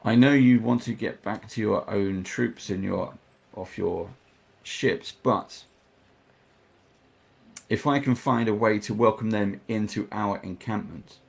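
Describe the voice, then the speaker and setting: Man, dungeon master voicing an NPC; unhurried, fry in the voice. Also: lowish voice. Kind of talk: narrating a tabletop game in character as an NPC.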